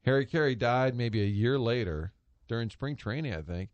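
A man's voice: mid-range voice, lively intonation, normal speed, no room sound, muffled recording. A man hosting a sports talk radio show, telling a long anecdote in a chatty way and laughing at his own story. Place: radio studio.

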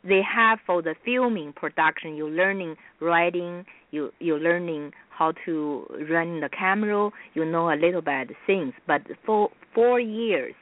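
This radio guest is an actress from China who speaks Mandarin natively and English with a Chinese accent. Her voice sits on the low side, and she hesitates, starts over often, and uses basic non-native grammar, all over a dry, tinny phone connection.

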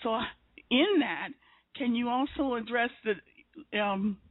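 A woman's voice: a little high, slow pace, dry recording. Woman host telling faith stories, restarts a lot, drops to whispers sometimes, tinny phone sound, dry. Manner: earnest storytelling with frequent restarts and whispered asides. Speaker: interviewer and show host. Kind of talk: conversational faith interview.

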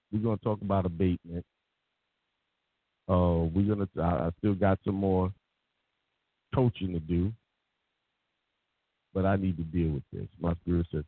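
Deep gravelly male host on a phone line. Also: moderate pace, long pauses, no echo. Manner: relaxed, talks to the audience as he goes. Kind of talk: casual call-in show chat. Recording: dry, tinny phone-like line.

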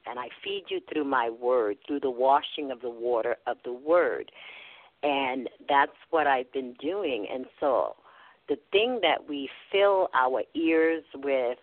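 A woman calling in to a faith talk show, speaking earnestly, pausing often and restarting her sentences. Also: a bass voice, no room sound. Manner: earnest, halting, with frequent fillers and restarts. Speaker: caller. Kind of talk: phone-in talk about faith. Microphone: phone. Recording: tinny phone line.

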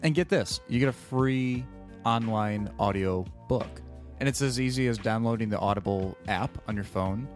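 A man's voice: lowish voice, moderate pace, soft background music. Rambling jokey male podcast co-host. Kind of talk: casual chat.

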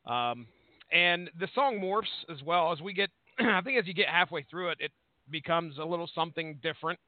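A man hosts a casual album review podcast, talking in a rambling, hesitant way that keeps correcting itself. His voice sits a bit high for a man. It comes through a thin, phone-like line with a dry, close sound. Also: moderate pace, no echo. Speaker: podcast host.

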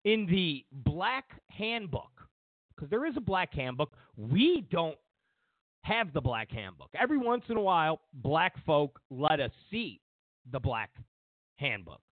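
A man's voice: on the high side, sing-song, unhurried, no echo. A man hosting a political commentary show, rambling and digressive with a sarcastic edge. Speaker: show host. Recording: tinny phone-like dry recording.

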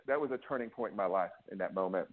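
A man's voice: deep voice, racing, phone-quality sound. A man being interviewed, telling his own story with lots of restarts and acted-out quotes. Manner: emotional, restless, many restarts and acted-out quotes. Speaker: interview guest. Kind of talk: candid personal storytelling.

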